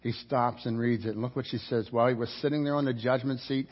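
A man's voice: medium pitch, fairly even intonation, quick pace, lo-fi sound. A man preaching a sermon as pastor, telling the story vividly and acting out the characters' lines.

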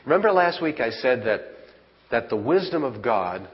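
A man's voice: medium pitch, big pitch swings, normal speed. A man preaching a sermon as pastor, folksy and conversational, asking his congregation rhetorical questions. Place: church. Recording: lo-fi church hall recording with long reverb.

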